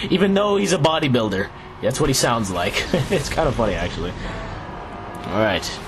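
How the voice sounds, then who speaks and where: Excitable man commenting on gameplay. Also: mid-range voice, moderate pace, background noise. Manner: excitable, laughs often, chatty. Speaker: Let's Play host. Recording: game music playing underneath. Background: video game music.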